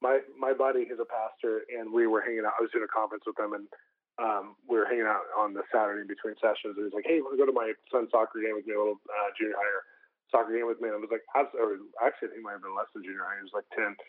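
Young man, pastor telling a story, rapid, animated, tinny phone-like sound. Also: on the low side. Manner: animated, acts out the voices of people in his stories. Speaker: guest, pastor. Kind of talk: storytelling in an interview.

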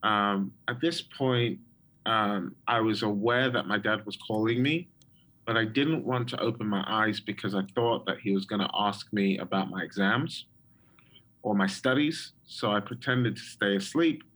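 A man with a somewhat low voice tells his own testimony as a guest in an interview. He talks in a storytelling way, with plenty of ums and restarted phrases. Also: a little slow, a bit bright, low-quality recording. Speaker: guest prophet.

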